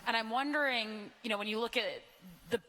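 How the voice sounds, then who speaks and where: Bright-voiced woman asking in a hall. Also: a little high, brisk. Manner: thoughtful, lots of "like" fillers. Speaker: audience member asking a question. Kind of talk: audience question at a live Q&A. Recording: reverberant hall with faint hiss.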